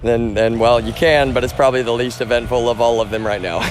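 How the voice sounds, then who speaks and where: A man's voice: mid-range voice, steady tone, moderate pace, a little hiss or hum. A man streaming live outdoors on a phone, rambling and profane, often calling out to "y'all".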